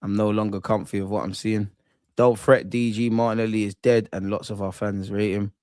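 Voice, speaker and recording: A man hosting a live football watchalong, reacting excitedly, swearing and talking to his chat and the players. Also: on the low side, a little fast, clear, resonant tone, dry recording, clean studio sound.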